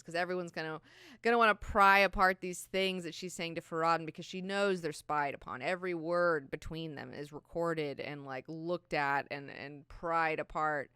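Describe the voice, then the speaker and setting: Crisp-voiced woman hosting a book club. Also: sits low, normal speed, dry recording, clean studio sound. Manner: animated, swears freely, acts out scenes. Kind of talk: casual chat.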